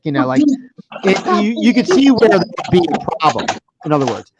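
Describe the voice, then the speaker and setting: A man hosting a podcast, telling animated party stories in casual banter, swearing and laughing often. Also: fairly high pitch, brisk, slight background noise. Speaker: podcast host.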